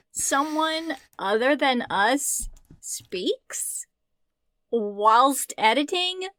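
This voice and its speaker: A woman's voice: a little high, sharp tone, no room sound. A woman co-hosting a casual book podcast, chatty and joking, laughing often and swearing now and then. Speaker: podcast co-host.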